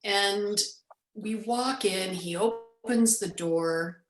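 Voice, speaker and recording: A woman in her forties tells a personal story in an interview, taking on the voices of the people in it. Her pitch sits in a mid range. The room sound is roomy and echoey. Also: extremely slow, slight background noise. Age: 40s. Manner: animated storyteller, acts out quoted speech. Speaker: guest.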